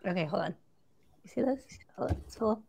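A woman's voice: medium pitch, lively intonation, fairly quick, vocal fry, darkish tone, a little hiss or hum. A woman with a New Zealand accent, co-hosting a podcast in casual chat, chatty and giggly with many fillers. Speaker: podcast co-host.

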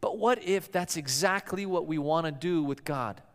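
A man with a slightly high voice preaches a sermon at normal speed, the sound trailing off in a long hall reverb. As a storytelling pastor, he acts out the voices of the people in his stories.

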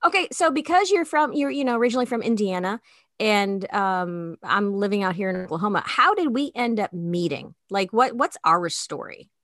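A woman in her forties from the Chicago suburbs, hosting a podcast in an easygoing chat and quick to laugh. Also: mid-range voice, lively intonation, fairly bright tone, dry recording, studio quality. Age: 40s. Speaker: podcast host. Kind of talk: casual chat.

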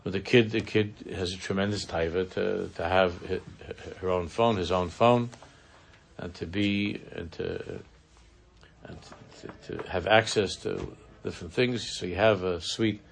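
With a low, gravelly voice, a man leads a conversational Torah class on a Chassidic text. His delivery is earnest and halting, sprinkled with Hebrew and Yiddish terms.

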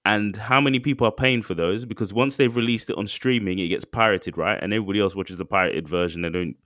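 Casual podcast co-host, low and lively, dry close sound. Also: male voice, quick pace, no echo. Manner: animated, excitable, acts out quotes. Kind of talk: casual chat.

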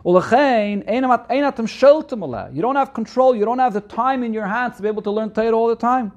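A man's voice: very high voice, lively intonation, fast talker, lo-fi sound. A man with a Yeshivish accent teaching a Torah text, reading the Hebrew and then explaining it line by line in English, repeating key points. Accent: Yeshivish English with Hebrew and Yiddish terms.

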